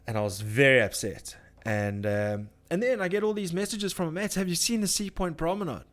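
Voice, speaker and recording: A man's voice: a little high, lively intonation, fairly quick. A man hosting a casual live chat, ranting with swearing and reading out viewer comments. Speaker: live-stream host.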